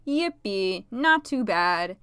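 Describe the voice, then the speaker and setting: A woman telling a convention story while she paints at home, chatty and giggly with quick asides. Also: medium pitch, animated, sharp tone, clear, resonant tone, dry recording, clean studio sound. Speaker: video creator. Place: home, talking to her pet bird.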